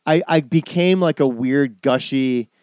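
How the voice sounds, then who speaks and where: A man's voice: medium pitch, measured pace, darkish tone, smooth, no room sound, clean studio sound. A middle-aged man co-hosting a podcast, telling a story in a rambling way, full of restarts and acted-out quotes. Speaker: podcast co-host. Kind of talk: casual chat, storytelling.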